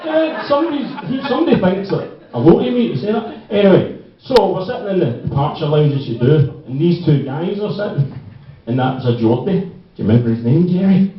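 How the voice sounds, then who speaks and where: A man with a Glaswegian accent spins a loose, rambling story for his old friend, his voice sitting a little high and often cracking into laughter. He sounds far from the microphone, with the sound dulled and ringing around a big echoey hall. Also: expressive, fairly quick. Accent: Scottish, Glaswegian. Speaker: friend giving a tribute speech. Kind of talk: anecdotal speech at a party. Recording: echoey hall, distant dull mic.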